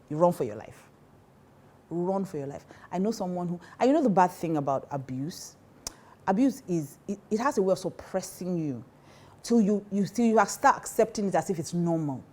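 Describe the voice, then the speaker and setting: A Nigerian woman pastor talks frankly to women, driving her points home by repeating them and often breaking into laughter. Her voice sits low and mellow, warm rather than bright. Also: a little fast. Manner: emphatic and animated, repeats key phrases, laughs often. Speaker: pastor and counselor. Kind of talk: advice talk to women.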